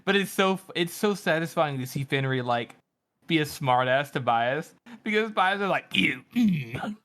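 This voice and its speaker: Young man, excitable co-host, bright sharp voice, slightly high. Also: unhurried. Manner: excitable, lots of fillers and laughs. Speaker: podcast co-host. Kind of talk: casual chat.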